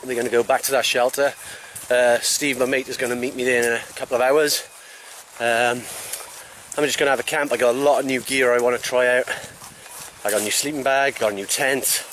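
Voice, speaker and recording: A man's voice: medium pitch, fairly even intonation, a little fast, a bit bright. A man, chatting casually and out of breath while camping in a wood. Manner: chatty, rambling, self-deprecating. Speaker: camping vlogger. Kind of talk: casual vlog talk to camera. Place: outdoors in woodland. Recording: faint outdoor noise.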